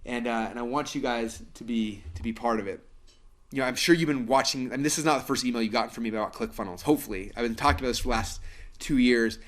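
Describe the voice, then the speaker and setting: A man hosting a webinar, making an earnest sales pitch with lots of fillers. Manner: fast, earnest, persuasive, many fillers. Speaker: webinar host pitching a course.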